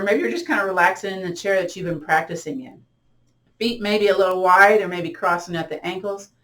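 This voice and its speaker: Speaking in a mid-range voice, a middle-aged yoga and tai chi teacher walks listeners through gentle yoga. She uses slow, calming prompts and counts breaths during breathing exercises and a body scan.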